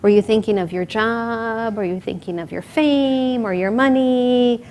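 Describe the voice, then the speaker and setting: Woman giving an animated spiritual talk. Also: a little high, unhurried. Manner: animated storyteller, laughs often, asks "right?"; drops to a soft whisper for sayings of saints. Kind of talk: sermon with storytelling.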